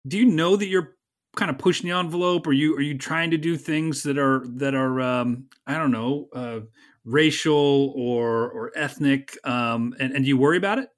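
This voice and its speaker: A man's voice: medium pitch, normal speed. A man hosting an interview and asking probing questions in a conversational way. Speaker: host. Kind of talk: casual interview.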